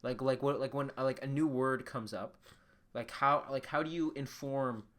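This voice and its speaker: A man's voice: medium pitch, fairly even intonation, normal speed, a bit bright. A young man hosting a podcast, chatting casually in a rambling way, full of fillers, swearing and laughter. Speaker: podcast host. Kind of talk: casual chat.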